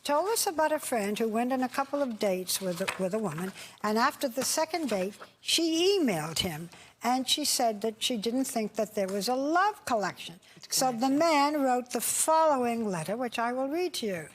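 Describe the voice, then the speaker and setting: A woman hosting a live daytime talk show, wry and brisk as she steers the conversation. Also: a little high, lively intonation. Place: television studio.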